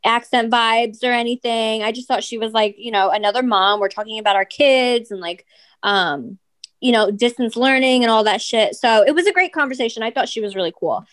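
A woman's voice: fairly high pitch, brisk, fairly bright tone. A young adult woman co-hosting a podcast, chatting and gossiping casually, filling her talk with "like" and "you know". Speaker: podcast co-host.

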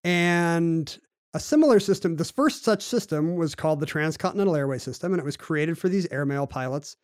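Male co-host, lightly raised pitch, playful and inquisitive, dry studio sound. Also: animated, brisk, no room sound. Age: adult with a child. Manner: curious, jokey, often laughing. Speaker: podcast co-host. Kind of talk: casual conversation.

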